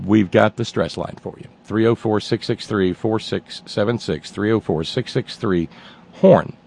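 A male talk-radio host delivers a casual, rambling monologue. His tone is sardonic and his voice sits low, with a gravelly texture. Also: a little mellow. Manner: rambling and sardonic, with many fillers and restarts.

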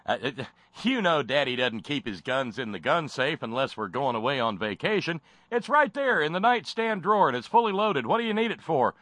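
A jovial, doting father bursts with chuckles, high-pitched and loud, as a man puts him on in a mocking skit. He sounds carefree and reckless, and the sound is close and dry. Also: sing-song, a little fast, no echo. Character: cheerful gun-loving dad, reckless and doting.

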